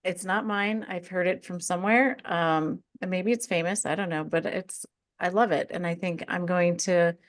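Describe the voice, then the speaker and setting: Lower-voiced woman, encouraging podcast host. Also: steady tone, normal speed, dry recording, studio quality. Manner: thoughtful, encouraging, rambling with fillers. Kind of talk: casual chat.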